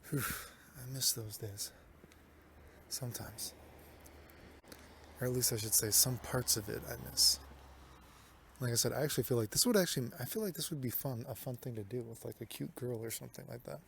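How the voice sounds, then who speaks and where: A man's voice: mid-range voice, a little fast, vocal fry, pauses often, a bit bright, a little hiss or hum. A young man vlogging while walking city streets at night, rambling and swearing, talking into a handheld phone. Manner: profane, rambling, lots of "dude". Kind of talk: casual vlog narration.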